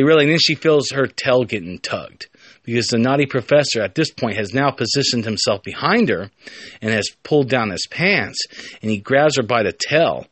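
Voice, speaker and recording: A man's voice: on the low side, expressive, moderate pace, fairly bright tone, no room sound. A man hosting a podcast, telling a story in a casual, rambling way with jokey asides. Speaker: podcast host.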